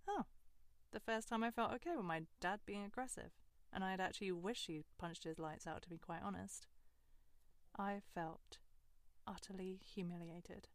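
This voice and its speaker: A woman's voice: medium pitch, a little slow, gravelly, long pauses, no echo, clean studio sound. A young woman hosting a storytelling monologue, candid and sardonic, swearing freely. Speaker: host.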